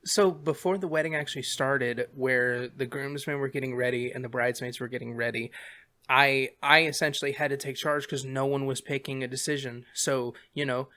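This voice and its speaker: A man in his twenties hosting a podcast, telling stories in an animated way and acting out quotes. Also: medium pitch, moderate pace. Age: 20s. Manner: animated, laughing storyteller who acts out quotes. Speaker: podcast host. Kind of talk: casual storytelling chat.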